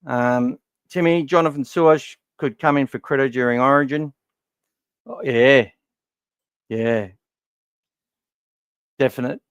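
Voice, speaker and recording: A man's voice: medium pitch, clean tone, no room sound, clean studio sound. Blunt, sweary Australian man with a worn voice. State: voice worn from talking all day. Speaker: podcast host. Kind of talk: casual fan podcast chat. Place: warm room at home.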